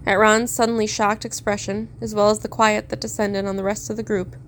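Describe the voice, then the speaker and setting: A woman narrating a story aloud in a steady, measured reading. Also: mid-range voice, a little hiss or hum. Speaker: fan fiction reader.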